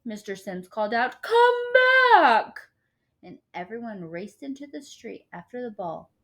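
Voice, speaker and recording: A woman reading a picture book aloud with lively expression, dropping casual asides to her listeners. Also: mid-range voice, moderate pace. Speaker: storyteller.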